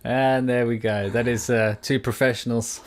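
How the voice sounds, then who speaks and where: Animated British man telling a story. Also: medium pitch, moderate pace, a little hiss or hum. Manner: animated storyteller, acts out quoted voices. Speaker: podcast co-host. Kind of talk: casual chat. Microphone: studio microphone.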